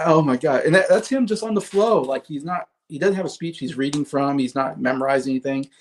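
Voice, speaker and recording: Chatty man with a gravelly voice. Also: medium pitch, moderate pace. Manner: chatty, laughs often, frequent fillers and restarts. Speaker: movie commentator. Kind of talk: casual solo commentary.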